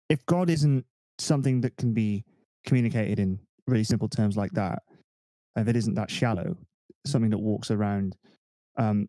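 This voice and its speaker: A man's voice: fairly low pitch, dark tone, no room sound. A man co-hosting a casual podcast over a remote call, explaining ideas at length and thinking aloud with fillers. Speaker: podcast co-host. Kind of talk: casual discussion. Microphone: desk microphone.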